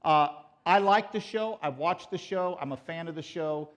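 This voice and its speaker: A man giving an animated lecture at a conference, joking with and quizzing a live audience. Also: on the high side, normal speed. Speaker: conference speaker. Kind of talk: pro-life apologetics lecture.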